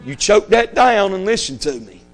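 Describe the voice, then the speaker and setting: A man's voice: high-pitched, very animated, moderate pace, faint music behind. A man preaching a fiery sermon, emphatic and repetitive, hammering his points home. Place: church sanctuary.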